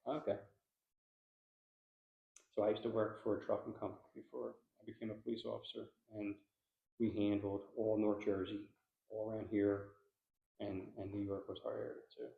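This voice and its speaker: Brief: animated, slangy male paranormal investigator from Philly, gravelly voice, in an echoey room. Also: fairly low pitch, moderate pace, pauses often. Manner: animated, slangy, says "dude". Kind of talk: casual interview chat. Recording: echoey room, dull sound.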